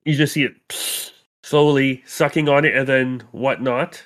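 A man acting as game master, calmly describing scenes and calling for rolls. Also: mid-range voice, a little slow. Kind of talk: running a tabletop game.

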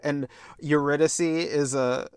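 Young male podcast host, excitable storyteller, higher voice, dry close sound. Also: slow pace, clean tone, no echo. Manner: enthusiastic, swears freely, lively storytelling. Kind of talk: casual chat.

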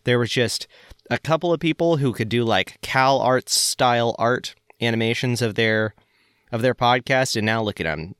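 A man's voice: medium pitch, normal speed, a bit bright, smooth, no echo, studio quality. A man from northern Florida with a Southern accent, hosting a podcast in casual, joking chat full of fillers. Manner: rambling, joking, many fillers. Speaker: podcast host.

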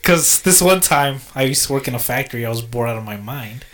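A man's voice: mid-range voice, expressive, a little fast, very noisy. A man co-hosting a podcast, chatting casually, laughing often and rambling. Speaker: podcast co-host. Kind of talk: casual chat.

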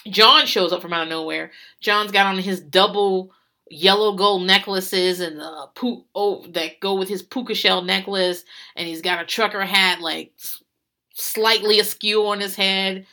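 A woman's voice: mid-range voice, fairly even intonation, a little slow, pushed and bright. A woman hosting a podcast, recapping a reality show in rambling casual chat, swearing freely and laughing often.

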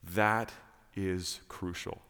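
A male pastor preaching a sermon in church, emphatic and animated, repeating key phrases. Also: deep voice, extremely slow, clean tone, long reverb tail.

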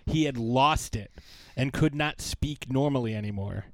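A man's voice: mid-range voice, normal speed, dry recording. A man co-hosting a podcast in casual chat, rambling and searching for his words. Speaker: podcast co-host.

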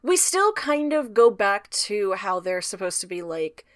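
A woman co-hosting a casual book podcast, swearing freely and acting out scenes in quick quoted voices. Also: mid-range voice, sing-song, no echo, studio quality. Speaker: podcast co-host. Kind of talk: casual book-club chat.

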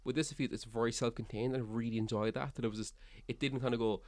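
A man's voice: mid-range voice, fairly even intonation, quick pace. A man with a Cork Irish accent, chatting casually as a podcast co-host and rambling through many fillers and restarts. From Ireland. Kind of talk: casual chat.

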